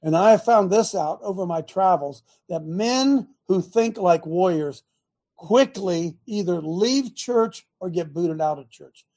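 A man hosts a Christian talk show in a fiery, preaching style. His voice is mellow and husky, and he leans on loud bursts of emphasis to provoke his listeners. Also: high-pitched, measured pace.

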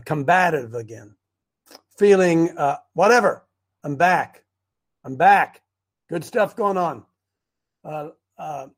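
A man hosting a casual livestream, rambling and excitable, stopping and restarting his sentences. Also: a little high. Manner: rambling, excitable, self-interrupting. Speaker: host of a preparedness group show. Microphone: webcam on a wobbly stand.

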